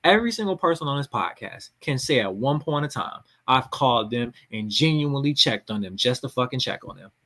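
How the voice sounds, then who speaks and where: Husky, lively-voiced podcast host preaching. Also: male voice, mid-range voice, brisk, hardly any pauses. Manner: preachy, emphatic, swears freely. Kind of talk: casual podcast chat.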